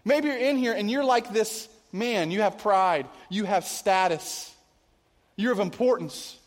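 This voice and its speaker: Pastor, male, high voice, chatty sermon delivery, long hall reverb. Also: expressive, normal speed. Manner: conversational preaching, asks the congregation questions. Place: church venue with a cafe.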